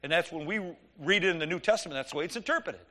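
A middle-aged man preaching, telling an animated, joking story and acting out the dialogue. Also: fairly high pitch, racing. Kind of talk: sermon storytelling.

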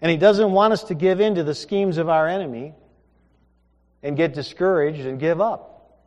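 A man preaching a sermon, retelling a scripture story with rhetorical questions, moving between hushed asides and emphatic passages. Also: a little high, moderate pace. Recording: echoey hall with long reverb.

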